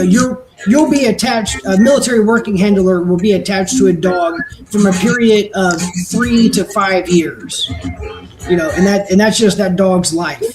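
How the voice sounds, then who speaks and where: A man with a notably high voice talks on a live panel, explaining things emphatically and bluntly, with casual swearing along the way. Music plays clearly in the background. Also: poor audio. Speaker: panel guest, former military dog handler.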